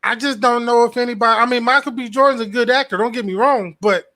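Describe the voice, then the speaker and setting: Man, podcast co-host, casual chat, laid-back ribbing, high bright voice. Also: fairly even intonation, fast talker, dry recording.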